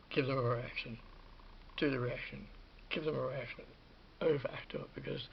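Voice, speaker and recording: Gravelly man rambling on. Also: a little high, a little hiss or hum. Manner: rambling, restarts, drops to a whisper at times. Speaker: vlogger recalling film work. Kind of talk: casual anecdotal monologue. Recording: dull lo-fi recording.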